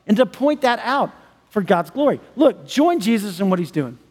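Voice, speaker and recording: High-voiced enthusiastic man preaching. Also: big pitch swings, moderate pace, darkish tone, husky. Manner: enthusiastic, chatty with frequent laughs. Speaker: pastor. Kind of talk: sermon. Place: large church hall. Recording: long church-hall reverb.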